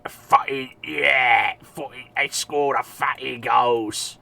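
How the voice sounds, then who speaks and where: Gravelly English man, rambling streamer. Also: mid-range voice, steady tone, takes it slowly, bright, forceful tone, dry recording. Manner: rambling, swears often, self-mocking. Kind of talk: casual live-stream chat.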